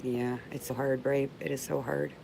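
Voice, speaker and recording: A middle-aged livestream host goes through viewer comments in a relaxed chat, warm and heartfelt, calling her viewers babe. Her very deep voice carries vocal fry and a level tone at normal speed. Heavy background noise surrounds her.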